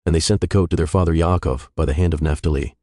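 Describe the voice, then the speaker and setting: Male scripture reader, extremely low voice, brisk solemn narration, dry booth. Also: steady tone, warm tone, dry recording.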